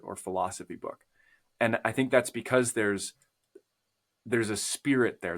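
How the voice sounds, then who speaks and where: A man's voice: fairly low pitch, a bit bright. A man, a podcast guest, speaking earnestly and contemplatively in long flowing phrases. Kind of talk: reflective conversational chat.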